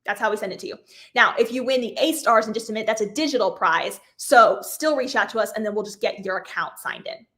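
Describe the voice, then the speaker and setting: A bubbly woman in her thirties runs a live craft giveaway with a bright, fairly high voice. She chats freely, laughs easily and cheerfully apologizes whenever she fumbles a name. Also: quick pace. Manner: bubbly, chatty, laughs often, apologizes over names. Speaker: craft host. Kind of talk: live-stream giveaway chat.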